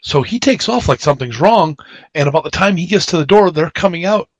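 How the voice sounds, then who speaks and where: Animated rambling man, higher voice. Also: a little fast, no room sound. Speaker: radio show co-host. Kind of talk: casual radio chat.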